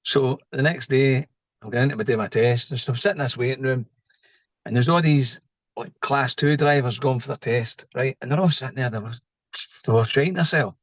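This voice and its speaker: A man's voice: medium pitch, moderate pace, dry recording. A middle-aged man with a Scottish accent, a lorry driver telling a story in casual chat, acting out the people in it. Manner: animated anecdote-telling, voicing people in his story.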